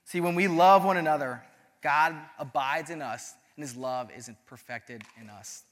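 A young man as youth pastor, giving a sermon, telling stories in an animated, self-deprecating way. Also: fairly high pitch, normal speed, long reverb tail.

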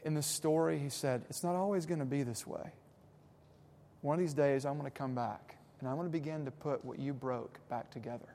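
A man preaching a sermon as pastor, moving between hushed, reflective passages and emphatic, rising points, with casual conversational asides. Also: medium pitch, fairly quick, big-room sound, slight background noise.

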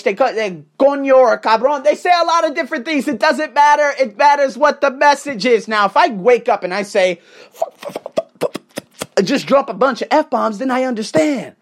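A man hosting his own show and delivering an emphatic, profane motivational rant full of repetition. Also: very high-pitched. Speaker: podcast host. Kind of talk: ranting motivational monologue.

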